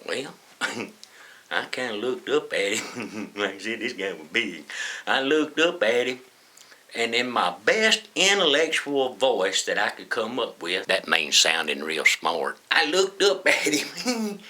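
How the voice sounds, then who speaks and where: A man's voice: medium pitch, very animated, slow, sharp tone. A man telling a folksy story to the camera, chuckling as he goes. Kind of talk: casual anecdote told to camera.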